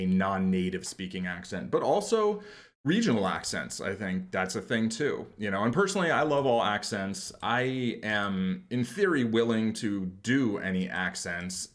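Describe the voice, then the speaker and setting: A man from New York hosts a podcast, chatting loosely and wandering into self-deprecating asides. His voice sits a little low. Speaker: podcast host. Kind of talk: casual chat.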